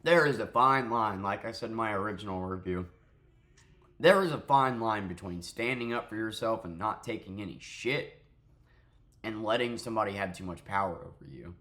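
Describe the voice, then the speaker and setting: A man's voice: fairly low pitch, lively intonation, moderate pace, bright, forceful tone. A tired man who just woke up, giving a rambling, profane spoken review of a TV show and often restarting his sentences.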